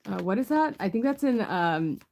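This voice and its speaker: A woman doing a tarot reading talks at a moderate pace in a mid-range, slightly mellow, creaky voice with lively intonation. Her casual chat rambles along, full of fillers and cursing.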